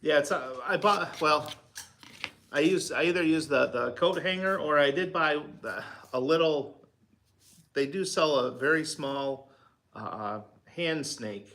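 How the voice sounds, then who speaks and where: A man's voice: a little high, a little slow, a bit bright. A man co-hosting a casual livestream, reading viewer comments and talking in hesitant, stumbling restarts. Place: home craft room.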